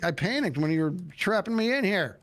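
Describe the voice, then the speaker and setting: A man chatting excitedly as a guest co-player on a stream, telling stories with lots of "dude". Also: sits high, brisk, a crowd in the background. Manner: animated storyteller, bouncy, says dude a lot. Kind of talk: casual gaming chat.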